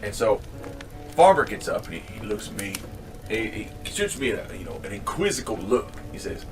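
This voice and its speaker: A man's voice: on the low side, big pitch swings, normal speed, recorded from a distance, over music. A man casually telling a comedic story, rambling with restarts and mild swearing.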